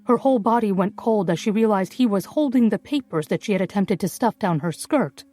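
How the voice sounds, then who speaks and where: A woman reading a novel aloud as audiobook narrator, in measured storytelling. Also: mid-range voice, animated, mellow, no room sound. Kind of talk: scripted narration.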